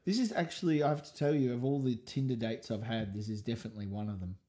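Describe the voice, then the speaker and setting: A man in his sixties with an even, mid-pitched voice, co-hosting a relaxed comedy podcast. He delivers his jokes dry and deadpan, letting the punchlines land flat. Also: fast talker. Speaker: podcast co-host. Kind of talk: casual comedic chat.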